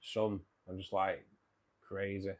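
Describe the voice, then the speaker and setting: A man hosting a casual live stream, greeting viewers by name and chatting loosely, his sentences often trailing off softer at the end. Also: low voice, level tone, slow. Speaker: livestream host. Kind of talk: casual live chat reading viewer comments.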